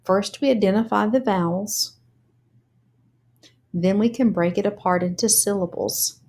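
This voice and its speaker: A woman's voice: medium pitch, a little slow, a little mellow. A woman teaching a reading lesson, spelling words letter by letter and sounding out syllables. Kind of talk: slow, deliberate reading lesson.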